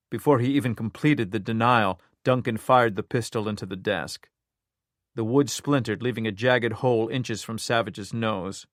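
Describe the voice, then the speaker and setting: A man's voice: lowish voice, moderate pace, dry recording. Man narrating a thriller in a dry voice. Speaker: audiobook narrator. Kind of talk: scripted narration.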